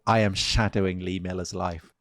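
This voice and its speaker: A man's voice: low-pitched, fairly even intonation, moderate pace, fairly bright tone, no echo, studio quality. A man co-hosting a history podcast in casual conversation, chatting, joking and prompting his co-host with questions.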